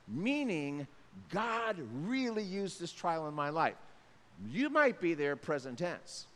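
A man's voice: a little high, lively intonation, moderate pace, fairly bright tone, big-room sound. A man preaching a sermon as a pastor, telling stories in a casual, joking way.

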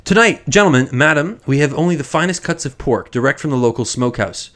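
A man's voice: mid-range voice, animated, fast, a bit bright, lightly acted. A man from acting out a theatrical male gun dealer who sells weapons as cuts of pork, with grand showman patter and a mock French flair. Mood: showy salesman.

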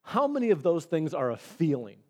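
A man's voice: on the high side, brisk. A man preaching a sermon as a pastor, talking conversationally and acting out little dialogues. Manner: animated, conversational, acts out dialogue.

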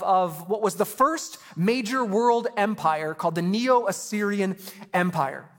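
A man preaching a sermon, retelling a story in a casual, animated way with slang. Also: sits high, big-room sound. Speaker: pastor.

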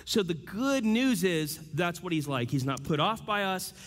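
A man preaching a sermon in a relaxed, conversational way, dropping slang into his message. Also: high-pitched, normal speed. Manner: casual, conversational preaching with slang and acted quotes. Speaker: pastor. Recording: soft guitar music under the voice. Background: guitar music.

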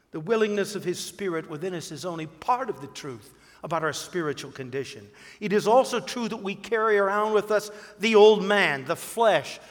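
A man's voice: high-pitched, big-room sound. A man who is a pastor, preaching a sermon emphatically with rhetorical questions and a personal story.

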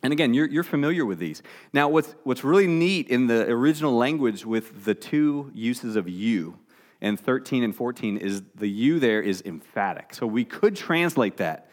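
A man's voice: medium pitch, expressive, moderate pace. A man preaching a sermon in a conversational way, often restarting his phrases. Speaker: pastor.

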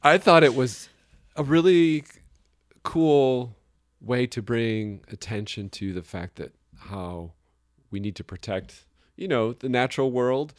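A man's voice: mid-range voice, slow, no room sound, clean studio sound. A man co-hosting a casual podcast chat, joking and rambling, often breaking into laughter. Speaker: podcast co-host. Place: Chicago area.

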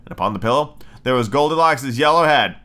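A man's voice: medium pitch, lively intonation, fast, sharp tone. A man hosting a podcast, casually reading a storybook aloud and breaking off for irreverent, profane commentary. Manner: irreverent, swears freely. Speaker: podcast host.

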